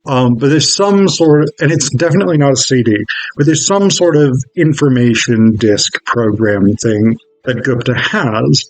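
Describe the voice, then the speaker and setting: A man's voice: mid-range voice, a little mellow, dry recording, rough recording. A man recapping a film in a casual, rambling way, with many fillers and self-corrections. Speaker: film reviewer.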